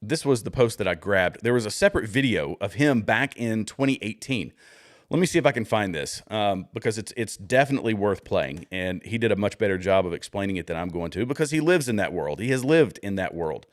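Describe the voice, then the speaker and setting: A man with a lowish voice talks through a casual livestream, rambling and restarting as he hunts for clips. The sound is close and dry, with no room around it. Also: lively intonation, a little fast, dry recording. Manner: rambling, thinks aloud with many fillers and restarts. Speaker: livestream political commentator. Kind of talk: casual livestream commentary while browsing posts.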